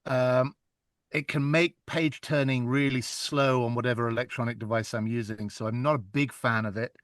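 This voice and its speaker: A man's voice: mid-range voice, moderate pace, no echo. Chatty man, dry close sound. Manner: chatty, animated storytelling with laughs. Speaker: audiobook narrator, guest. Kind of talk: casual interview chat.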